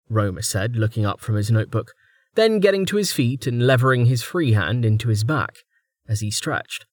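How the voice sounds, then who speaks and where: An audiobook narrator, male, reads a fantasy novel aloud in a steady, measured storytelling voice. His pitch is fairly low, and the studio-quality recording carries no room sound.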